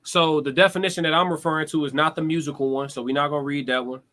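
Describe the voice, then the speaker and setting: A man's voice: fairly high pitch, fairly even intonation, quick pace, fairly bright tone. A young adult man, hosting a casual live-stream monologue in a conversational, reflective way, swearing freely. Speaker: livestream host.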